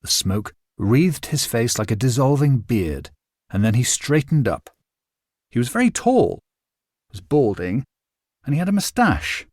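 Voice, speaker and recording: Male narrator for a literary novel, measured and expressive, animated pitch, dry studio sound. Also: no echo. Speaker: audiobook narrator. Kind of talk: scripted narration.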